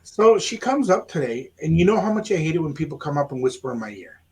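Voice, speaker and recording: Animated man telling a story. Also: on the high side, quick pace. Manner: animated, acts out quoted dialogue. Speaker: radio show host. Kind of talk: casual storytelling chat.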